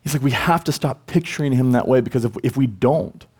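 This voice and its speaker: A man's voice: medium pitch, fairly quick, a little mellow, slightly rough. A man preaching a church sermon. He speaks earnestly, pushes his voice up for emphasis, and acts out the words he quotes. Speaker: pastor. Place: church sanctuary.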